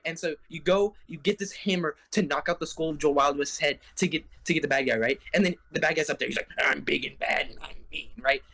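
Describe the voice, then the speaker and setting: Slightly high and fairly bright, this young man's voice carries a casual podcast recap of a video game plot. As co-host, he strings together long run-on sentences, frequently dropping "right?" and "bruh."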